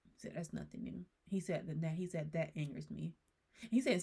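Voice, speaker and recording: A woman tarot reader in a casual monologue, passing on messages she says she receives, in rambling, hesitant speech that grows animated when she gets excited. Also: lowish voice, fairly quick, vocal fry, breathy edge. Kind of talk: casual spiritual channeling monologue.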